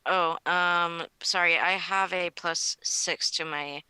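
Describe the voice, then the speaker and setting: Crisp, bright woman player at the table. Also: fairly low pitch, fairly even intonation, slow pace, dry recording, rough recording. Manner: chatty, hesitant fillers. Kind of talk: casual tabletop game chat.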